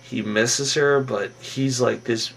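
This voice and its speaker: A man casually recapping a reality TV episode, rambling and animated, acting out what the cast said. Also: mid-range voice, slow, gravelly, recorded from a distance, a little hiss or hum. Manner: rambling, animated, acts out cast members' lines.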